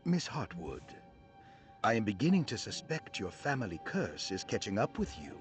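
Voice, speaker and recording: A measured doctor in a horror game, calm and probing. He has an ordinary pitch but a very animated melody, and game music plays clearly behind him.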